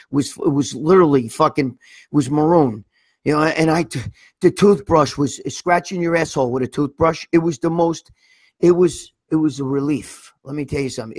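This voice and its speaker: A man's voice: sits high, a bit bright, slightly rough. A middle-aged man hosting a livestream, telling crude stories in a rambling, profane way and reading out viewer comments. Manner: profane, rambling, lots of restarts and "you know what I mean". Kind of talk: crude casual storytelling.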